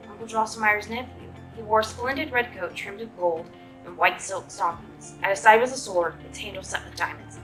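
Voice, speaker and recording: Lady librarian reading a kids story, clear and expressive, medium pitch. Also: low-quality recording. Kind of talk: storybook read-aloud.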